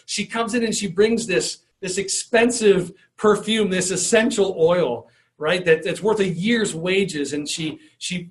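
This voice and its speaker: Man preaching, high voice, earnest, restarts and repeats words. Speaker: pastor. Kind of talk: sermon.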